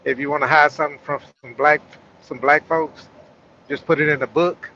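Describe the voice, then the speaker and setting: A man with a bright, sharp voice and a slightly high pitch chats easily on a podcast, asking questions as he goes. The line is dull and lo-fi, with faint noise behind him. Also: steady tone, normal speed. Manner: easygoing, chiming in with questions. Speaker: podcast co-host. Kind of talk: casual conversation.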